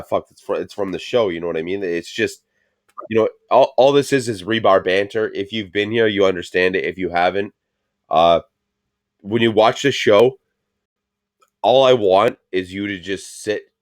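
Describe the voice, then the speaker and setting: A man's voice: low voice, no echo, studio quality. A man hosting a casual talk show, rambling and swearing a lot, with plenty of fillers. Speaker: show host. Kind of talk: casual profane chat.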